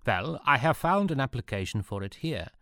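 An eccentric Prussian artillery officer, voiced by a man lectures in a brisk, deadpan tone. His voice is fairly low and recorded dry, with no room around it. He suits a storybook reading. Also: dry recording. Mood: lecturing.

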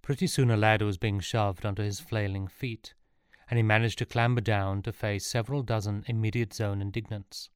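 A man's voice: on the low side, fairly even intonation, fairly quick, smooth, dry recording. A man narrating a comic audiobook in a wry, dry delivery, close to the mic.

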